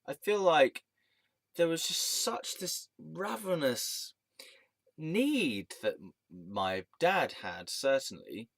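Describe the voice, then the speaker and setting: A man tells a personal story in a casual monologue that turns into a rambling, angry rant full of swearing and restarted sentences. His voice is a little high, gravelly, and sing-song, and he speaks slowly; the recording is dry.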